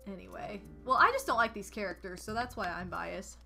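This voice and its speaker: A woman's voice: medium pitch, a little fast, vocal fry, bright, forceful tone. A woman streamer chatting casually while she plays, rambling with lots of "like" and gushing thanks to donors. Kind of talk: casual gameplay chat. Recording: music playing behind.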